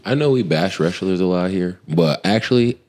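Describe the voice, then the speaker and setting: Low-voiced man, joking podcast co-host, slangy storyteller. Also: animated, moderate pace, darkish tone. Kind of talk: casual podcast chat.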